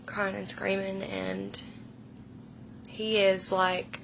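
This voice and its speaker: Slow, gravelly woman telling a haunting story. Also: mid-range voice, monotone, noisy background. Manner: slow, hushed, emotional retelling that drops to whispers. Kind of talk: personal paranormal story.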